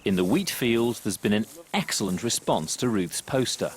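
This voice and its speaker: A man reading a scripted documentary voice-over in a measured way. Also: lowish voice, animated. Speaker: documentary narrator. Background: background music.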